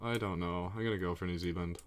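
A man streaming live, chatting casually and excitably to himself and his viewers while he plays a geography guessing game, swearing freely. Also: deep voice, fast, clear, resonant tone.

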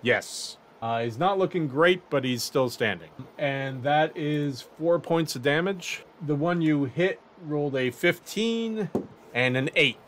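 A man acting as game master, calmly narrating and ruling on dice rolls. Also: on the high side, a little slow, slight background noise. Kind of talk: running a tabletop game.

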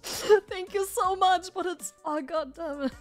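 A woman streamer chatting casually with her viewers, excitable and swearing freely. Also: very high-pitched, a little slow, soft background music.

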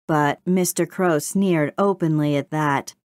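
Brief: woman audiobook narrator, lower pitch, dry close sound. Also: a little slow, a little mellow, no room sound. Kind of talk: scripted storybook narration.

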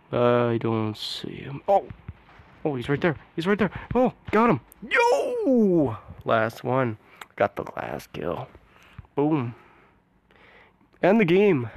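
A man giving casual, excitable commentary over his own gameplay, with frequent exclamations and groans, sometimes dropping to a soft mutter. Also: mid-range voice.

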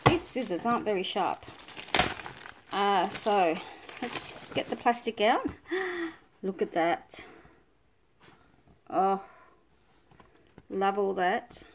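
A woman's voice: medium pitch, slow, pauses often, slight background noise. A woman with an Australian accent, chatting casually as she unboxes scrapbooking supplies, full of delighted exclamations. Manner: gushing, breathy exclamations of delight. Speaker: scrapbooking vlogger.

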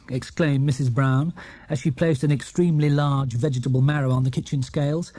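A man reading a children's book aloud as narrator, telling the story in a lively way. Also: mid-range voice, a little fast, no echo. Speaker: audiobook narrator.

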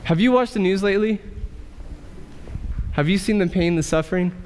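A male pastor preaching a sermon in a church, asking rhetorical questions and pausing for effect. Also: sits high, a little mellow, slight background noise. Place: church sanctuary. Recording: church hall reverb.

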